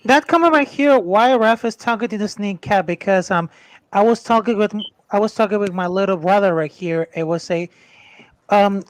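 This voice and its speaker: A man chatting casually on a live stream, halting and restarting his phrases, with loose grammar. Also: sits high. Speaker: show panelist.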